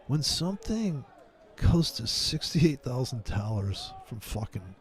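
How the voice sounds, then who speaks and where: A man's voice: medium pitch, very animated, takes it slowly. A man hosting a casual trading stream, rambling and mocking in a profane, joking way. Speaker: livestream trading host. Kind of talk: casual ranting chat with viewers.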